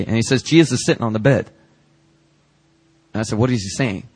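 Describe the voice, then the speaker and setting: A man, a pastor, telling a story in a sermon and acting out its dialogue with lively emphasis. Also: mid-range voice, brisk. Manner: animated, acts out the dialogue in his story. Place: church sanctuary.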